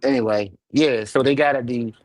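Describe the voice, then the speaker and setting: A man hosting a live online panel, telling a rambling, profane story with big swings between loud and quiet, a little drunk. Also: mid-range voice, moderate pace, rough recording. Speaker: live show panel host.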